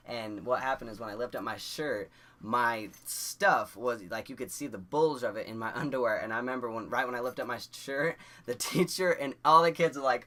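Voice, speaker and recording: A young man tells a story to his camera in a loose, rambling way, with restarts and a filler in nearly every phrase. His voice sits at a middle pitch, and he laughs his way through the funny parts. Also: a bit bright. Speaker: vlogger.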